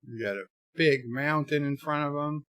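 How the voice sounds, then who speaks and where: A man's voice: a little high, moderate pace, a bit bright, no echo, clean studio sound. A man casually commenting on a film while reading viewer chat aloud, with wry, sarcastic asides and frequent fillers. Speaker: streamer watching a film with chat.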